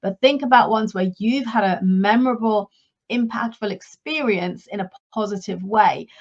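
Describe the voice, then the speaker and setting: Woman coach, middle-aged, instructive podcast talk, medium pitch, slightly muffled recording. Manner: instructive, steady, repeats key points. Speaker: leadership and career coach.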